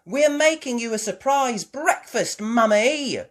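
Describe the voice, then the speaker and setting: Peppa: a woman playing a squealing little girl pig. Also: takes it slowly. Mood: excited. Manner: high, loud, excited calls.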